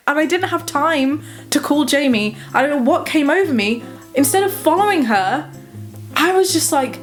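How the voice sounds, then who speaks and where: A young woman, telling a personal story on her vlog and acting out the dialogue as she goes. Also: sits high. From England. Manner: animated retelling, acting out dialogue. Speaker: vlogger. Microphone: camera mic.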